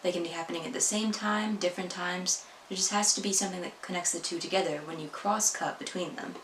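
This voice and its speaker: A woman's voice: fairly low pitch, fairly even intonation, fast talker, noisy background. Joking young woman in an echoey room. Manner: self-deprecating, chatty and joking. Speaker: vlogger. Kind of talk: casual tutorial vlog. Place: home room. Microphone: camera on tripod.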